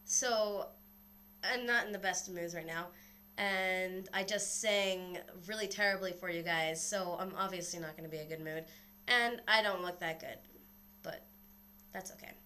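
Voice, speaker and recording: This young woman's voice sits on the low side and moves at normal speed. Recording a casual vlog on her webcam's built-in mic, she's a bit out of breath, rambling along as she tells a story and cursing often in her animated way.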